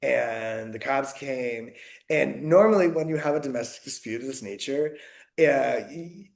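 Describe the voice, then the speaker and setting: A man's voice: mid-range voice, unhurried, creaky. A man from the United States, a podcast guest in casual conversation, talking in a rambling, reflective way with many fillers and restarts.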